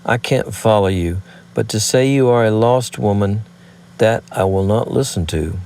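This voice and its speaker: Narrator doing an earnest hardworking wanderer, plain, low voice. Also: male voice, moderate pace, a little mellow, clear, resonant tone, natural voice.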